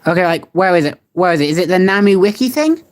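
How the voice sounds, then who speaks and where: A young adult streamer talks fast in an expressive, mid-range voice, casually reading search results aloud and rambling and laughing at what they find.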